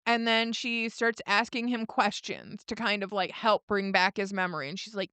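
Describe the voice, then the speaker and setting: A woman co-hosting a podcast, retelling a show's scenes in a lively, laughing way. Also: mid-range voice, moderate pace, clean tone, dry recording. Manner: animated retelling with laughs and quoted lines. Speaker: podcast co-host. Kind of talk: casual recap chat.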